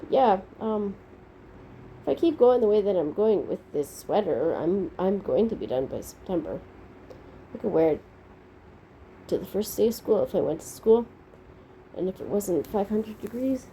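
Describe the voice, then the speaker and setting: A middle-aged woman talking to her viewers in a casual, rambling diary-style vlog, unhurried and thankful. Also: medium pitch, lively intonation, dark tone, slight background noise, poor audio. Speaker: vlogger.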